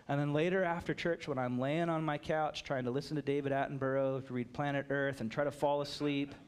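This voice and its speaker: A man's voice: a little high, slight background noise. Conversational male pastor preaching. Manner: conversational preaching, acts out little dialogues. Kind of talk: sermon.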